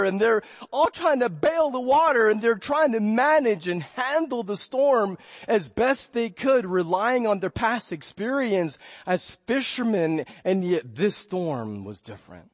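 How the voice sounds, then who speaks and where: A man preaching a sermon as pastor, telling the story in a lively way and dropping to a soft hush when reading scripture. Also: high voice, unhurried, few pauses, no room sound. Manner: animated storytelling, acting out panicked voices. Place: church.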